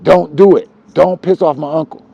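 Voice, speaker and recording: Guy doing a cocky little kid talking tough about his scary uncle, gravelly, quick. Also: a little high, steady tone, no echo, highs cut off. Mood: threatening. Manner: threatening, boastful. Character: boastful young boy bragging about a gang uncle.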